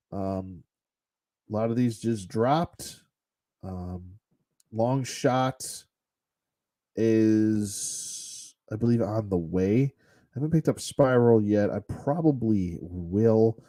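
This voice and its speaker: Blunt, rambling man with a low, mellow voice. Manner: rambling and blunt, with mild cursing. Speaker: toy collector reviewer. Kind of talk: casual unscripted toy review.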